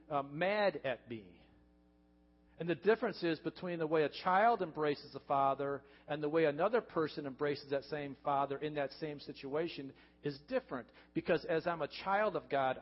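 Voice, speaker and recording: A pastor preaching a heartfelt sermon, earnest and repetitive, building to emphatic points. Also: male voice, on the high side. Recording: dull reverberant church recording.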